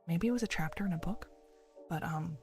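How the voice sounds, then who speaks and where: A woman reads aloud in a hushed, half-whispered morning voice, keeping to a soft ASMR-style delivery. Her tone has a gravelly, fry-tinged edge, and she drops into casual asides between passages. Quiet background music plays faintly underneath. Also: lowish voice, brisk. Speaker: VTuber streamer reading a paper aloud.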